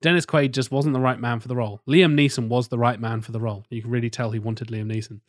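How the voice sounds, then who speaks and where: A man's voice: medium pitch, fairly even intonation, fast, no echo, clean studio sound. A man hosting a casual film podcast, swearing freely and quizzing his co-hosts. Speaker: podcast host.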